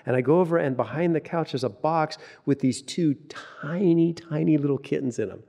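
A man preaching a sermon in a conversational, animated way, often restarting his sentences as he tells a personal story. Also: on the high side, brisk, gravelly, few pauses. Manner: conversational and animated, many restarts and filler words. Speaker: pastor.

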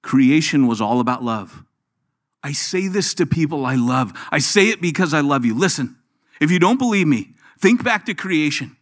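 A middle-aged male pastor delivering a sermon in a fairly high voice. His pitch leaps up and down as he preaches, sinking low and quiet for quoted lines. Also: animated, normal speed.

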